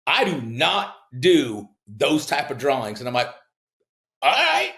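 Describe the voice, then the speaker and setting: In a roomy-sounding podcast interview, this male home builder spins casual stories at a measured pace in a gravelly voice. When quoting others, he acts them out with large pitch jumps, staying animated throughout.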